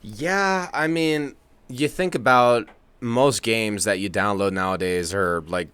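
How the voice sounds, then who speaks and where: A man's voice: on the low side, slow pace, a bit bright, clear, resonant tone. A man co-hosting a casual podcast, talking in a laid-back, rambling way with easy chuckles, recording from his own setup apart from his co-host. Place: home studio, remote from co-host.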